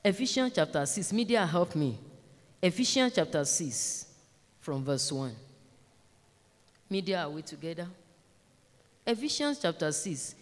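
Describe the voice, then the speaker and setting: A woman's voice: lowish voice, expressive, measured pace, long pauses. A woman preaching a sermon in a church, urging and repeating her points to the congregation. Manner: emphatic, repeats exhortations, addresses the congregation directly. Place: large church. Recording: long church reverb.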